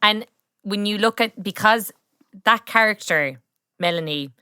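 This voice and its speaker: A woman's voice: medium pitch, unhurried, clean tone, no room sound, studio quality. A young woman from Kerry with an Irish accent, a guest on a podcast who chats casually and gushes about a film, laughing often. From County Kerry, Ireland. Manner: lively, laughs often, gushing. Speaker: podcast guest, freelance writer.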